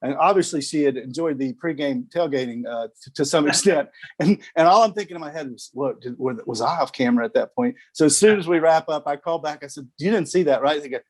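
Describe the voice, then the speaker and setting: A man's voice: on the high side, a little fast. A man around sixty, a TV sports director, telling stories on a video call interview. He laughs often and repeats words as he starts his phrases. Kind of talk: casual storytelling in an interview.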